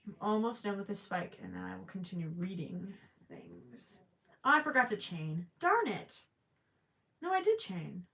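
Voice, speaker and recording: A woman's voice: medium pitch, sing-song, moderate pace, gravelly, a bit bright. A young woman livestreaming while she crochets, chatting casually and reading viewer comments aloud.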